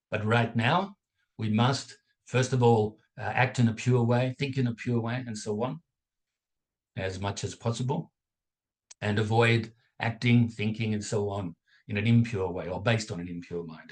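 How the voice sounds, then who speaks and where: A man leading a guided contemplation lesson as a dharma teacher over a video call, calm and measured, pausing between phrases and checking in with "okay?". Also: lowish voice. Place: home setup on a video call. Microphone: video call mic.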